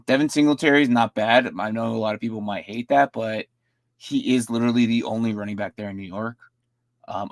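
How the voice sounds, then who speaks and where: Gravelly man rambling through roster reviews. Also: fairly low pitch, dry recording. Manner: rambling, stumbles and repeats words. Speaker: fantasy football streamer. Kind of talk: casual live-stream roster review.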